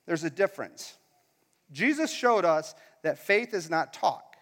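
A man's voice: a little high, very animated, unhurried, a bit bright. A man preaching a casual, conversational sermon in a church hall, asking the crowd questions as he goes. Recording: long hall reverb.

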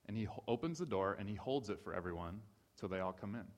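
A man's voice: fairly low pitch, animated, fast talker. A man from Ohio giving a sermon-style talk, telling stories with animation and repeating key phrases for emphasis. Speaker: speaker. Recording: reverberant hall.

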